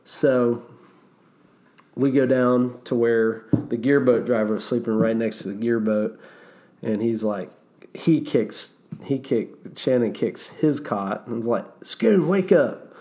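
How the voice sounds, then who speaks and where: A man's voice: mid-range voice, unhurried. A man casually telling a story about his river guiding days, swearing freely and acting out the quotes. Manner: animated, swears, acts out quotes.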